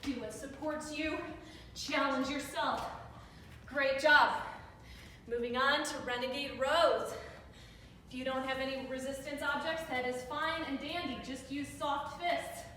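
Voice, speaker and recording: A woman's voice: high-pitched, steady tone, normal speed, a bit bright, a little hiss or hum. Breathless woman coaching a workout in an echoey room. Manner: upbeat encouraging cues, counting down reps. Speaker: fitness instructor. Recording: echoey room with reverb, mic far off.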